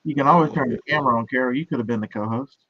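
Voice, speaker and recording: A man's voice: mid-range voice, a little hiss or hum. Easygoing man on a lo-fi call. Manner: easygoing, halting with fillers. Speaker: call-in co-host. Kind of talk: casual livestream chat.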